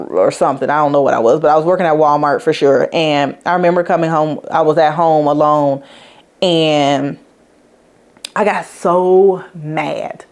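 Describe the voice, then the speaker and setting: A woman's voice: low voice, a little mellow. A woman hosting a podcast, telling a personal story in a frank, chatty way and speaking straight to her listeners. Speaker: podcast host.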